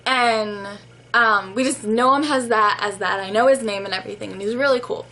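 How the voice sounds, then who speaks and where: A woman's voice: fairly high pitch, normal speed, pushed and bright, a little hiss or hum, poor audio. A young woman telling casual stories about her barista job, chatty and full of fillers. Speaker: vlogger and barista. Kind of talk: casual storytelling.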